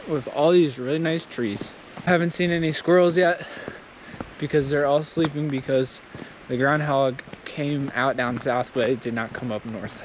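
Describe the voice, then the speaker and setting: Joking man vlogging in the wind. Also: mid-range voice. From Southern United States. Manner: joking, rambling, slow from the cold. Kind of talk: casual vlog talk. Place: windy mountain outdoors. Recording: wind noise outdoors.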